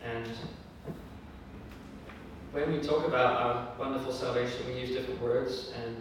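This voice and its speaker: A man preaching a sermon in an earnest, measured way, with fillers and raised emphasis when he quotes scripture. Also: medium pitch, fairly even intonation, a little hiss or hum. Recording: echoey hall from far off.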